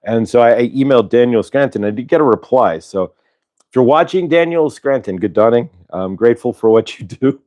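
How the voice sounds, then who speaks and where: A man hosting a casual spiritual livestream, reading cards and talking in a rambling, halting way with many fillers and restarts. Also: medium pitch, lively intonation, a little mellow. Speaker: channeler and show host.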